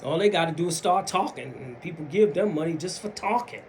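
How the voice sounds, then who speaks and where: Animated Southern man with a lively, high voice. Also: fairly quick, slight background noise. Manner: animated, acts out other people's excuses in mumbled voices. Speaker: vlogger. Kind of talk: casual motivational monologue.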